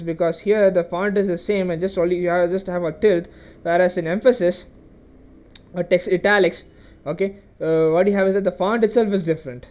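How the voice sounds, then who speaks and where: High-voiced man explaining code, dull lo-fi sound. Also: steady tone, brisk, a little mellow. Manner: explains step by step with frequent okays and restarts. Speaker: programming tutorial host. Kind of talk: screen-recorded coding lesson.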